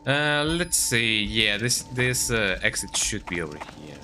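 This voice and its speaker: With music in the background, a man streaming a game at his home computer speaks in a lowish, sing-song voice at a measured pace. His gameplay commentary is chatty and rambling, with "eh?" tacked onto his sentences.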